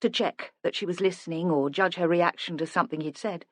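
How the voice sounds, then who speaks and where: A narrator reading a crime novel aloud in measured, even storytelling. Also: medium pitch, dry recording, studio quality. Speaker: audiobook narrator. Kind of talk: scripted narration.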